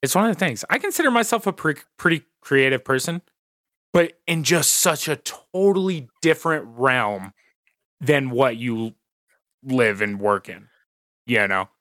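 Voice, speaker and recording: A man in his thirties co-hosting a podcast, chatting casually, animated and emphatic, laughing often. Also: medium pitch, a little slow, no room sound, studio quality. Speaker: podcast co-host. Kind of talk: casual chat.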